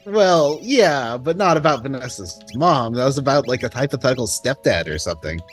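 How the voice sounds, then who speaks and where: A man's voice: medium pitch, lively intonation, a little fast, soft background music. A man from Vancouver co-hosting a casual game stream, chiming in with dry, brief quips. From Vancouver, Canada. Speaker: stream co-host.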